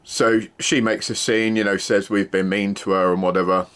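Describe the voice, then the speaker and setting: Middle-aged man, very deep voice, casual rambling storyteller, matter-of-fact. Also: little pitch movement, normal speed, fairly bright tone, smooth. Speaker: former security worker.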